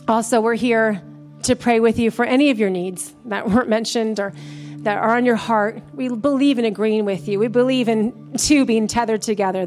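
Woman pastor, high voice, fervent preaching, soft music underneath. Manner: emphatic preaching with rising, fervent calls. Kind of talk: sermon. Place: church sanctuary.

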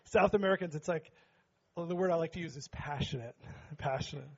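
A man with a notably high voice preaches to his church, teasing the congregation one moment and shouting the next. The recording sounds dull and lo-fi, as if captured on a modest sound system. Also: a little fast, husky. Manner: joking with the congregation, rising to shouts. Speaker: pastor. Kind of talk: sermon. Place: church sanctuary.

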